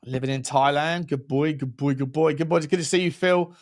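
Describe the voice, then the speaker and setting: A man co-hosting a football talk livestream, chatty and upbeat, with blunt opinions and quick shout-outs to viewers. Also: on the high side, fairly even intonation. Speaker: co-host.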